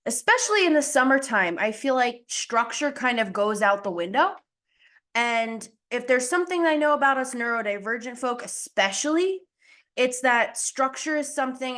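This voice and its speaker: A young adult woman hosts a group video lesson as its coach, keeping the teaching casual and live. Her voice is a little high with a fairly bright tone, and her talk is chatty, self-deprecating and a touch breathless.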